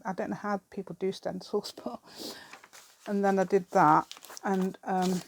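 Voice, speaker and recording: A woman talks her way through a craft project at an outdoor table in a casual, rambling vlog style. Her voice sits a little low, and the recording is dry and close. She keeps the chat loose and self-deprecating. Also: a little mellow, no echo. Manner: rambling, chatty, self-deprecating with frequent laughs. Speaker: craft vlogger. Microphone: camera set on the table.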